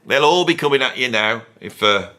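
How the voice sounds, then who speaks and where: A man's voice: medium pitch, animated, brisk, bright, forceful tone. A middle-aged British man giving a rambling, self-mocking outro to his music channel, joking and cheekily pleading with viewers. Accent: British English. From Britain. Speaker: YouTube music commentator. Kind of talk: casual rambling outro monologue.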